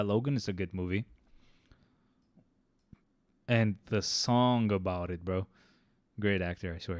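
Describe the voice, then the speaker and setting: A man's voice: lowish voice, no room sound, studio quality. A man streaming a game and rambling casually, with loose, chatty talk full of fillers and restarts. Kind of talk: casual rambling chat while gaming.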